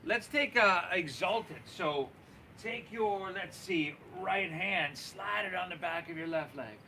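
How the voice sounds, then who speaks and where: A man guiding a live yoga class, cueing poses and breaths in an encouraging, relaxed and folksy way. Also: high voice, slow pace, slight background noise. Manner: relaxed, folksy, says y'all. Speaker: yoga instructor.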